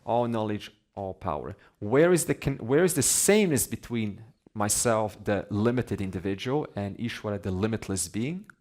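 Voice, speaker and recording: A man's voice: lowish voice, expressive, moderate pace, hardly any pauses, a little mellow. A man teaching a class on scripture, conversational, asking his students questions and laughing between points. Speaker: Vedanta teacher.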